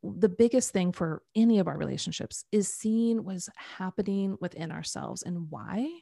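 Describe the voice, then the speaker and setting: A middle-aged woman coaching on the Enneagram, telling animated personal stories and acting out what people said. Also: medium pitch, normal speed, gravelly, dry recording, clean studio sound. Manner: animated storytelling, acts out quoted voices. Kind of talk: conversational podcast talk.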